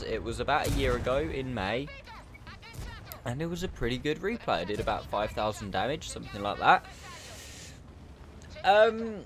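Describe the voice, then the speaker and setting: A man's voice: medium pitch, fairly bright tone, a little hiss or hum. Chatty man commentating gameplay. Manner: chatty, self-mocking, explains tactics.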